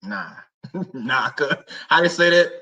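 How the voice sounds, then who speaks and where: A man's voice: fairly high pitch, animated, slow pace, sharp tone. A man hosting a faith livestream, chatting casually with viewers, joking, laughing often and using lots of slang and repetition. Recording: somewhat distant mic.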